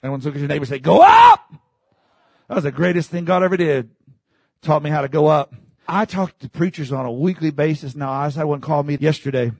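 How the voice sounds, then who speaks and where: Gravelly, fervent preacher man. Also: a little high, quick pace, no echo. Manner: fervent preaching, bursts into shouts, call-and-response. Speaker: pastor. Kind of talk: sermon. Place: church.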